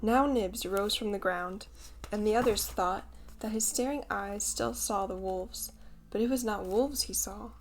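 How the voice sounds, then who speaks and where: A woman narrates a classic children's tale in a measured, expressive reading voice. Her pitch sits in the middle range, and her delivery is steady. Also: a little hiss or hum. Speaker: audiobook narrator. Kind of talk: scripted storybook narration.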